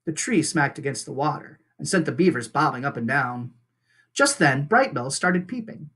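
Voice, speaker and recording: A teacher reading a children's novel aloud with expressive storytelling. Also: medium pitch, moderate pace, breathy edge. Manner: expressive storytelling with lively intonation.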